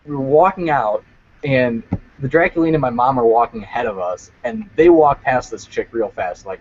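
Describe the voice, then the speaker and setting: A man's voice: mid-range voice, expressive, normal speed, a little mellow, a little hiss or hum. Laid-back young man, muffled lo-fi sound. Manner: laid-back storyteller, laughs at his own stories. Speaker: podcast co-host. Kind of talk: casual chat.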